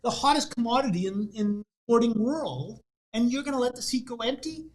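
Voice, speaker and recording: A man voicing an excited male soccer fan who is indignant about an empty seat at the World Cup final. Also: extremely high pitch, a little fast, pitched above the performer's own voice. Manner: indignant, pressing.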